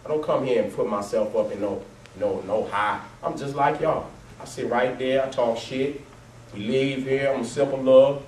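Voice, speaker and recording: A man telling his life story to a live audience over photos, swearing heavily, laughing often and swinging between loud bursts and low, quiet stretches. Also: normal speed. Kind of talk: profane, animated storytelling talk to a live audience. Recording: roomy, distant mic, faint background noise.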